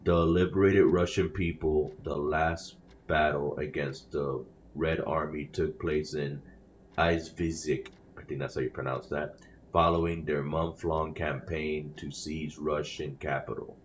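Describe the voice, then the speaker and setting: A man's voice: extremely low pitch, steady tone, measured pace, slight background noise. A man playing a game, reading in-game newspapers aloud with casual comments, often stumbling over words and correcting himself mid-sentence. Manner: self-conscious about reading aloud. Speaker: gamer playing a game on his channel.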